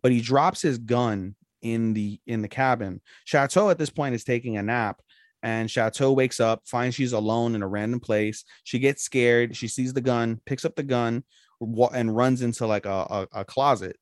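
A man's voice: medium pitch, moderate pace, dry recording, studio quality. A man co-hosting a podcast, chatting casually and rambling through a plot recap with loose, profane talk. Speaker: podcast co-host. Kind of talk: casual anime review chat.

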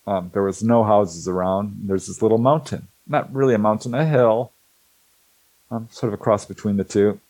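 A middle-aged man, a guest in an interview, telling a personal story in a casual, animated way and acting out the dialogue as he goes. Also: on the low side, normal speed, no room sound, poor audio. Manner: hesitant restarts and fillers.

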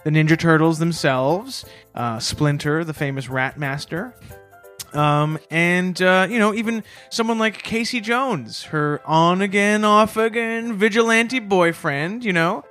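Man, podcast co-host, dry deadpan delivery of mock-serious shout-outs, faint music underneath. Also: high-pitched, measured pace. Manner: deadpan mock-earnest tributes. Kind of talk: casual comedic chat.

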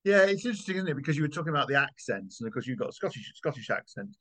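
A man who talks quickly and eagerly. He rambles and restarts as he interviews his guest, clearly enthusiastic about the subject. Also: a little high, very animated, a bit bright. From Yorkshire, England. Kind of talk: conversational interview.

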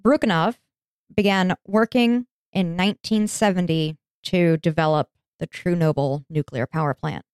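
A woman's voice: fairly low pitch, moderate pace, darkish tone, clear, resonant tone, no room sound, studio quality. A woman hosting an educational podcast, narrating history casually with jokey asides and easy laughs. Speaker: podcast host.

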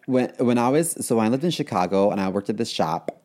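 A man's voice: fairly low pitch, lively intonation, a little fast, a little mellow. A man co-hosting a podcast, telling crude stories casually with dry humor. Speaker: podcast co-host. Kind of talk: casual storytelling.

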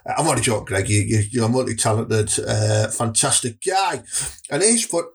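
Husky, crude Teesside comedian. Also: male voice, mid-range voice, normal speed. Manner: crude, rambling, jokey. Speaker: comedy vlogger. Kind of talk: casual comic Q&A.

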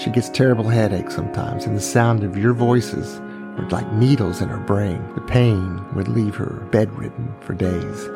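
A man narrating a true crime family story as a podcast host, unhurried and pausing, now and then voicing the people in it. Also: fairly low pitch, creaky.

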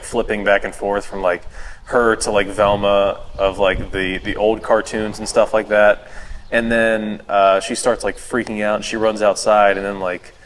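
A podcast co-host with a lowish voice chats casually, rambling and dropping plenty of "like" and "you know." The recording has a long reverb tail and slight background noise.

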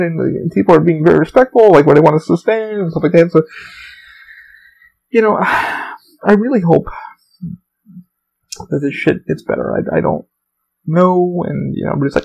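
Man, podcast host, gravelly, rambling, profane, casual storytelling. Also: on the high side, animated, fairly quick, long pauses, a little mellow, rough recording. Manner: profane, rambling, heavy swearing. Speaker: theme park worker.

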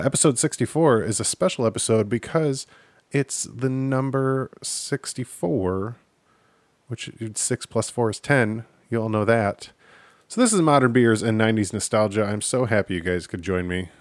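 A man's voice: on the low side, no room sound. A man in his thirties hosting a casual solo podcast, joking about himself and swearing offhandedly. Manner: jokey, self-deprecating, swears casually. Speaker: podcast host.

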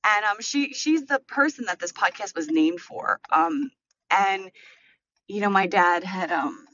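An American woman hosts a casual solo podcast while driving, speaking earnestly and reflectively with many fillers, close to tears. Her medium-pitched voice is expressive, unhurried, and fairly bright. The recording has its highs cut off and a little hiss or hum.

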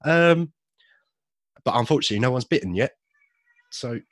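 Young man, podcast co-host, animated pitch, dry close sound, rambling, self-mocking. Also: normal speed, no echo. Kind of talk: casual chat.

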